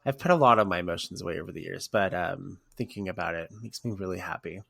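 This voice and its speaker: A man co-hosting a casual podcast, telling stories in an emotional, animated way. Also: sits low, fast, gravelly, husky, no room sound, studio quality. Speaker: podcast co-host.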